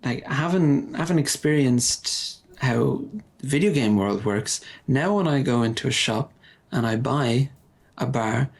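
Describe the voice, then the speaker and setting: Man, slow deadpan sarcasm, podcast co-host. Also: mid-range voice, vocal fry. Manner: deadpan mock-earnest, theatrical sighs. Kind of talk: sarcastic comedic chat.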